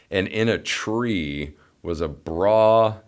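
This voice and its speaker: A man in his thirties, a bandleader, telling a casual, profane story among friends and acting out the voices in it. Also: lowish voice. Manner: animated, profane, acts out quoted voices. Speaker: bandleader and musician.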